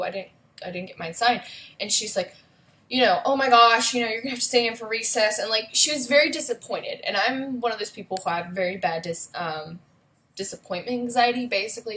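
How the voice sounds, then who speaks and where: A woman's voice: mid-range voice, pushed and bright, rough recording. A woman vlogger with a young son, telling a personal story in a casual, rambling way with many fillers and asides. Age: adult with a young son.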